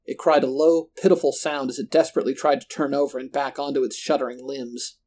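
A man narrating a first-person horror story in a steady, measured way. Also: medium pitch.

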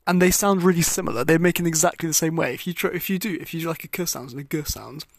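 Gravelly, higher-voiced man explaining casually. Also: no room sound, studio quality. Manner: chatty and halting, with many "like" fillers, demonstrating sounds aloud.

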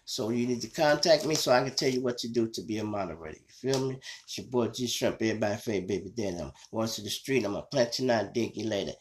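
A man's voice: fairly low pitch, quick pace, few pauses, a little hiss or hum. A man with a Chicago accent hosting his own show, telling a true-crime story in a casual, conversational way and often calling his listeners y'all. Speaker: show host.

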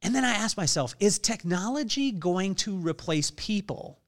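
A man hosting his own podcast, telling an everyday story in an energetic, conversational way and acting out the dialogue. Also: sits high, moderate pace. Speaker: podcast host. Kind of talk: solo podcast monologue.

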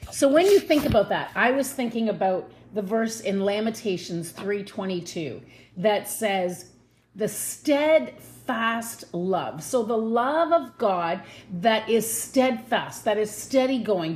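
A woman giving a casual devotional Bible talk from her home, earnest and chatty, slowing down to stress her points. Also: mid-range voice, lively intonation, darkish tone. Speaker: Bible teacher.

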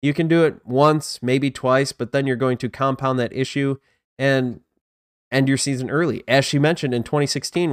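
A man's voice: medium pitch, dry recording, studio quality. A man hosting a casual live-streamed disc golf news show, chatting loosely and self-deprecatingly while greeting viewers in the chat.

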